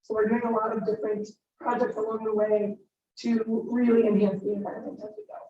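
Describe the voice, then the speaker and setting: A hoarse woman giving an upbeat, informal presentation to a group, explaining things step by step. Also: on the high side, flat delivery, brisk, a little hiss or hum. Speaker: guest speaker. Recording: distant roomy dull meeting recording.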